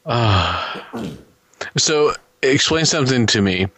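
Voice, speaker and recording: A relaxed man trades wry remarks about a film while co-hosting a casual review chat. His pitch sits in a middle range, and the sound is dry and close to the mic. He keeps an easygoing, joking tone. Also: takes it slowly, slightly rough, no room sound. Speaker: podcast co-host.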